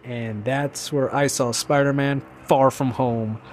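A young man talks in a casual, rambling way as a host. He is an excited fan who fills his talk with many fillers and restarts. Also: medium pitch, slow pace, a little hiss or hum. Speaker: podcast host.

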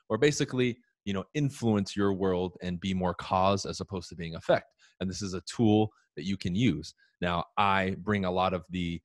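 Laid-back male host, deep voice. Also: no room sound, clean studio sound. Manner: upbeat, slangy, talks to the audience directly. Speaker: podcast host. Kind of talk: casual live show chat.

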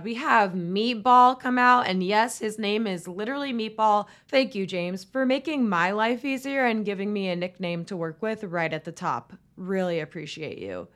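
A woman's voice: medium pitch, a bit bright. A young woman from Florida hosting a solo recap podcast, chatty and sarcastic, with lots of "like" and "oh my God.". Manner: chatty, sarcastic, valley-girl fillers. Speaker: podcast host.

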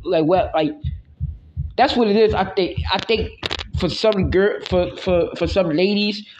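A man's voice: high voice, unhurried, background noise. Rambling slangy man on a lo-fi podcast. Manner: rambling, slangy, heavy on filler words; teasing, mock-scolding. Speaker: podcast host. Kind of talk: casual solo podcast monologue.

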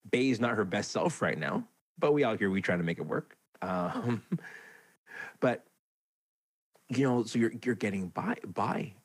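Deep husky man telling a personal story. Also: no echo. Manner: candid, rambling, self-deprecating. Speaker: podcast host. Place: home basement.

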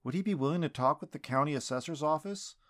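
A man's voice: a little high, fast talker, lightly acted. A man voicing an eager, impatient adult male teacher who keeps pressing with questions.

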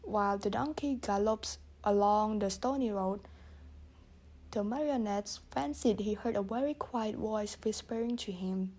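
A woman reading a children's story aloud, gently voicing the characters. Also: medium pitch, a little slow. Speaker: audiobook reader. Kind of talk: storybook narration.

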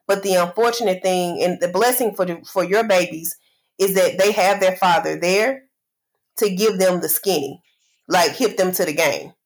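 Woman co-host, lowish voice, thoughtful and rambling, casual podcast talk. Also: moderate pace, rough recording. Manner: reflective, talks in long winding run-ons with many "you know"s.

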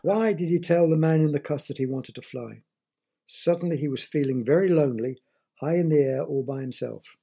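A man's voice: fairly high pitch, a little fast, gravelly, dark tone, slightly rough. A man reading a children's story aloud, stopping to explain words to young listeners.

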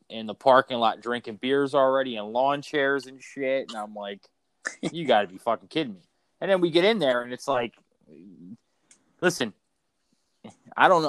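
This man, co-hosting a casual podcast, talks in a rambling, profane way full of restarts. His medium-pitched voice comes across a bit bright and clean, with no audible room.

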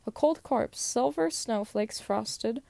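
Young woman, casual storyteller, fairly high voice, dry close sound, slips and cusses in asides. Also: takes it slowly, vocal fry, mellow, dry recording. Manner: stumbles and laughs at own slips, swears in asides. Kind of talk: casual reading of old stories aloud.

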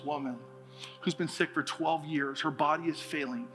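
A high-pitched man with a bright, forceful voice preaches a lively sermon as a pastor, mixing funny stories with emphatic calls. His voice rings out in a reverberant hall with faint music underneath. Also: moderate pace. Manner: animated, humorous storytelling with laughter. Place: church sanctuary.

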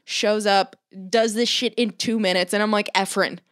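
A woman chatting casually as a podcast co-host, an animated storyteller who swears often and acts out what people said. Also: mid-range voice, moderate pace, clean tone, dry recording, clean studio sound. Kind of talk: casual chat.

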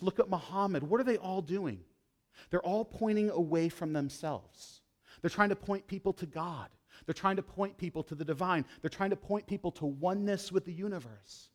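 A man preaching a sermon to a congregation, swinging between loud, emphatic lines and low, hushed ones while addressing the listeners directly. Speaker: pastor.

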